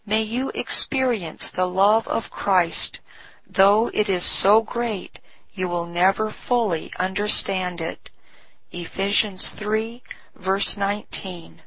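A woman giving a scripted devotional reading with measured, deliberate phrasing, on a dull, slightly lo-fi recording. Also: medium pitch, slightly rough. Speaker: devotional reader.

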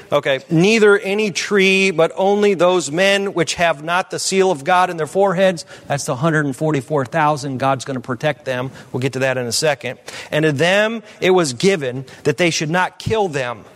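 A man preaching a sermon as pastor, reading scripture aloud and commenting with frequent fillers, swinging from low asides to loud declarations.

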